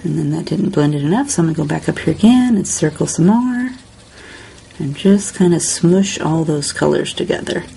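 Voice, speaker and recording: A woman hosting a step-by-step coloring tutorial, talking in a relaxed, chatty way while she works. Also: low voice, moderate pace, gravelly, slight background noise. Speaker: crafting tutorial host.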